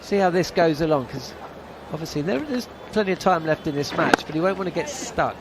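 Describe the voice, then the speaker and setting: A man's voice: on the high side, animated, brisk, background noise. Chatty man calling cricket outdoors. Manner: chatty, wry, describes each ball. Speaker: radio cricket commentator. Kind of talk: live ball-by-ball commentary.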